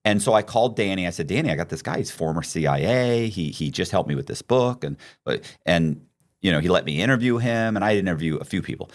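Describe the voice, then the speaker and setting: A man, a podcast host, telling a story in casual chat, excitable and profane with frequent restarts. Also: low-pitched, fast.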